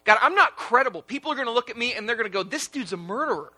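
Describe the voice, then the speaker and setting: A man's voice: very high-pitched, lively intonation, rapid-fire, pushed and bright, exaggerated voice. A man voicing Moses as an insecure, self-doubting man pleading with God during a sermon retelling. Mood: protesting. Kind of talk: sermon retelling with acted quotes.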